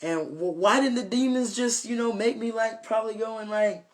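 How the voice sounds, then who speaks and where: A young man with a high, light voice talks through a devotional lesson in an earnest, unscripted way. He rambles, circles back, and fills gaps with fillers and restarts. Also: steady tone, moderate pace. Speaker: self-made preacher. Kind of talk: informal spoken devotional talk.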